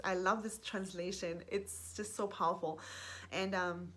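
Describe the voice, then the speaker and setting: Excitable woman sharing a faith testimony. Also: unhurried. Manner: effusive and excitable, often restarting sentences; reads scripture aloud in a softer, lower voice. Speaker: Christian speaker sharing her testimony. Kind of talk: heartfelt faith testimony to camera.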